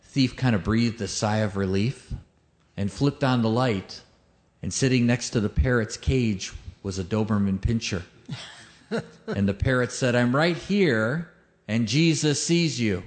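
A man's voice: on the low side, a little slow, darkish tone. A male pastor preaching a sermon, emphatic, stacking repeated phrases and rhetorical questions, and telling a joke as a story.

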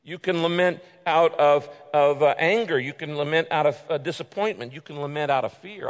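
A man preaching a sermon, reading scripture aloud and moving from loud pleading passages to quiet, intimate asides. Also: on the high side, moderate pace, hardly any pauses. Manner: dramatic, swings from loud pleading to hushed intimacy. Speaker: pastor. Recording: long hall reverb.

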